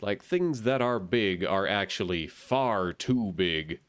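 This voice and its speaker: A man's voice: on the low side, animated, takes it slowly. A male streamer giving casual, chatty gameplay commentary, musing and wry as he plays.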